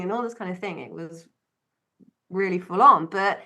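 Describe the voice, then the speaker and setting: A woman's voice: fairly low pitch, brisk, pushed and bright. A woman co-hosting a podcast, telling a personal story in an earnest, searching way that often stops and restarts. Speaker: podcast co-host. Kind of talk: reflective conversational storytelling.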